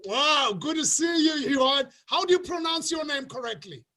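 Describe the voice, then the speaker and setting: A man hosting an online sales webinar over a video call, excitable and often shouting to the participants. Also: very high voice, moderate pace. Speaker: webinar host.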